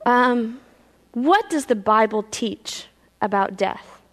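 A woman pastor telling a Bible story in a sermon, animated, acting out the characters' voices. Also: on the high side, takes it slowly. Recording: reverberant hall.

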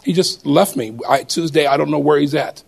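A man voicing a distressed young mother who works as a bank teller, speaking in a quiet, weary tone close to his own voice. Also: on the high side, a little fast, vocal fry, voice pushed down.

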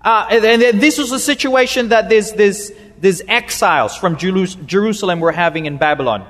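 A male pastor preaching a sermon in a church, emphatic and halting with repeats, slowing and dropping low on key words. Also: a bit bright, big-room sound.

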